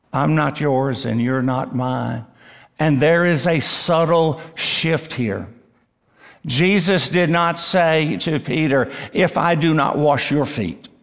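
A male pastor delivers an expository sermon at an unhurried pace. His voice has a gravelly edge, and he presses hard on key words, lifting his pitch for emphasis. The sound carries the long reverb of a church sanctuary. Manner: emphatic, rising on key words, slow and deliberate.

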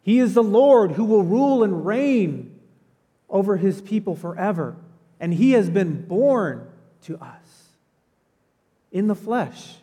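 A pastor giving a sermon in a church, telling the story in a conversational, animated way with casual asides. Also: male voice, high voice, takes it slowly, long pauses, breathy edge, long reverb tail. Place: church sanctuary.

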